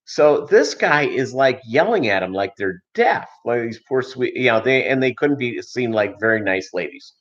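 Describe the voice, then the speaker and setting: A man's voice: mid-range voice, expressive, moderate pace, few pauses, a bit bright. Rambling joking livestream host, a man. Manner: rambling and joking, many fillers. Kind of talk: casual livestream chat and storytelling. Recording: slightly dull lo-fi stream audio.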